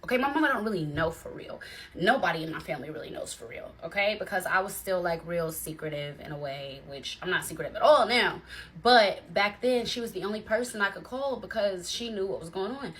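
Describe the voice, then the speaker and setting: A young adult woman telling a personal story to viewers in a chatty, animated way. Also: mid-range voice, fairly quick. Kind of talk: casual storytime chat. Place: bedroom.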